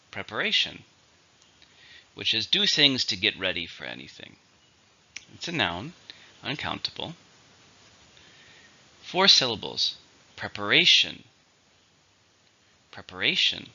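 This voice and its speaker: A man teaches English vocabulary, working methodically through syllables, stress and example sentences. His voice sits somewhat low but sounds very bright and tense, with an animated, wide-ranging pitch. The recording is dull and lo-fi. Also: slow, vocal fry, long pauses. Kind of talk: vocabulary lesson.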